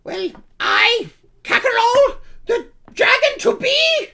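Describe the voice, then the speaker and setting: A woman voicing a pompous, regal kobold chief, a small reptile creature who shouts grandly. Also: very high-pitched, lively intonation, takes it slowly, vocal fry, voice pushed up, exaggerated voice. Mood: haughty.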